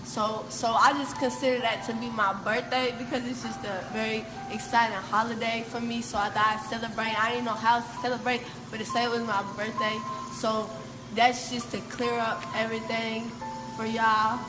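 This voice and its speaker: A woman's voice: fairly high pitch, level tone, normal speed. A woman giving an earnest, matter-of-fact comedic confessional monologue. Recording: echoey room, loud music behind.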